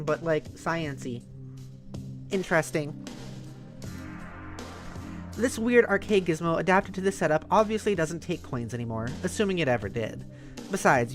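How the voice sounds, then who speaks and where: A woman giving playful, giggly commentary while she plays a video game, with lots of sound effects. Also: on the low side. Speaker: let's play streamer. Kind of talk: casual gameplay commentary.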